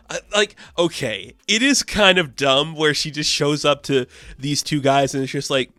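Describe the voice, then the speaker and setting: A man's voice: a little high, moderate pace, hardly any pauses, pushed and bright, no echo. A man reviewing comics in a casual, rambling way, with many fillers and the odd swear word.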